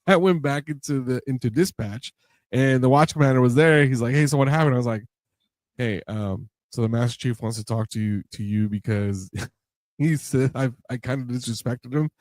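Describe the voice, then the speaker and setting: A man's voice: medium pitch, moderate pace, no echo. A man hosting a podcast, telling a long story with many fillers and acting out what others said. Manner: rambling, many fillers, laughs and acts out quotes. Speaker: podcast host. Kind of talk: casual storytelling interview.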